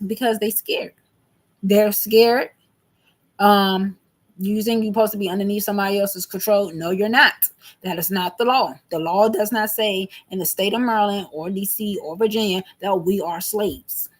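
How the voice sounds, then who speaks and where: A woman's voice: medium pitch, fairly even intonation, moderate pace. A woman in her thirties venting to camera in an emphatic, repetitive, agitated monologue. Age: 30s. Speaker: vlogger.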